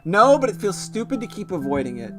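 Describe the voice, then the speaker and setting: Man doing an anxious young guy, hesitant, lively pitch, music behind. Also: brisk. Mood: nervous. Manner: hesitant, jittery. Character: nervous young man, anxious about meeting friends.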